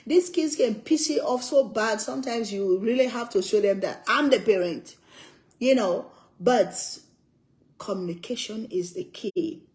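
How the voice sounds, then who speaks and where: An older woman from Africa talks casually as she eats, pressing her points through repetition. Her voice sits a little high, and she laughs often as she talks. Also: measured pace, darkish tone, poor audio. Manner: emphatic, repeats herself, laughs often. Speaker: cooking vlogger. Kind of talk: casual chat while eating.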